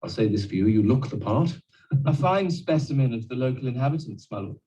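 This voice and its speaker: Male actor as a mocking nobleman, formal and haughty, dark tone, fast talker, played back from afar. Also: mid-range voice, expressive, natural voice. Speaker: character in a TV drama clip. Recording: distant TV clip played back in a room.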